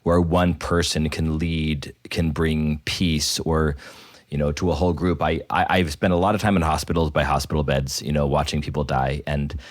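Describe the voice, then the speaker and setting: Deep-voiced priest guy chatting slow and thoughtful on a podcast, dry close mic. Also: flat delivery, no room sound. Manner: thoughtful, with many repeated starts. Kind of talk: reflective podcast conversation.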